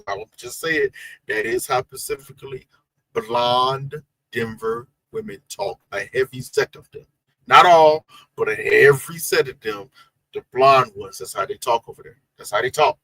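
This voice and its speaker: A man co-hosting a reality TV recap, talking in an animated, slangy, emphatic way. His voice is bright and swings up and down a lot, and it sits dry and close on the mic. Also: mid-range voice, no echo, rough recording. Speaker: co-host of a reality TV recap show. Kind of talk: casual chat.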